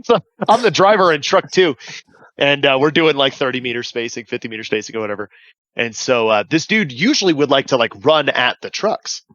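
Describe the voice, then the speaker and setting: A man's voice: mid-range voice, big pitch swings, fairly quick, a bit bright, dry recording, dull audio. A man casually telling profane war stories on a podcast, acting out radio calls. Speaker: veteran guest telling stories.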